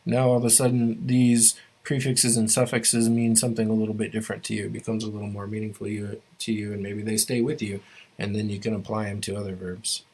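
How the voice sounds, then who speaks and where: A man teaches a language class online while sharing his screen, talking loosely and relaxed with many fillers and restarts. His voice is on the low side, brisk and husky.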